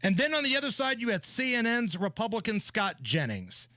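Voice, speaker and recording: A man co-hosting a talk radio show, talking in an animated, sarcastic way into a studio microphone. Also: high voice, fairly quick, no echo. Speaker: radio co-host.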